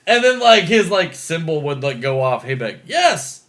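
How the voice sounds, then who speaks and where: A young man co-hosting a casual podcast, telling stories with lively, swooping intonation and frequent swearing. His voice sits a little high for a man. He rushes along excitably and piles up his sentences. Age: young adult. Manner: excitable, swearing, animated storytelling. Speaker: podcast co-host. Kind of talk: casual chat.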